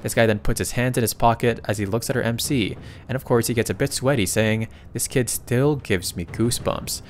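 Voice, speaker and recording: A man narrating a comic recap in a casual, excitable way, often breaking into exclamations. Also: medium pitch, quick pace, slight background noise.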